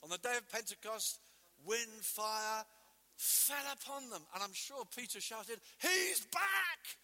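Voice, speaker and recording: A man preaching with fervor, his voice set high and very bright, with a sharp edge. He moves between loud declarations and hushed, intimate asides, acting out quotes as he goes. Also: measured pace, in a large hall. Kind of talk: sermon.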